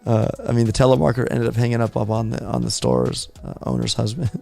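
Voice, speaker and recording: Gravelly man chatting on a stream. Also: mid-range voice, flat delivery, quick pace, warm tone, soft background music. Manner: rambling, restarts often. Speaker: gaming channel host. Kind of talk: casual live-stream chat.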